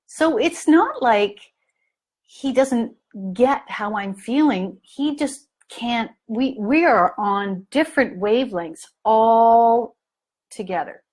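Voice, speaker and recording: A middle-aged woman coaches parents during a live training talk, speaking slowly in a slightly high voice. She tells animated stories and acts out the characters in lively voices.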